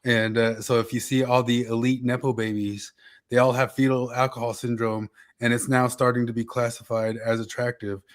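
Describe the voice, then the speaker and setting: A man's voice: mid-range voice, little pitch movement, moderate pace. A man co-hosting a podcast in casual chat, joking and rambling with frequent laughs. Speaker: podcast co-host.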